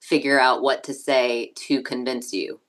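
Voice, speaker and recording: A woman's voice: very deep voice, level tone, unhurried, fairly bright tone. A woman in a casual chat who speaks in an earnest, slightly hesitant way.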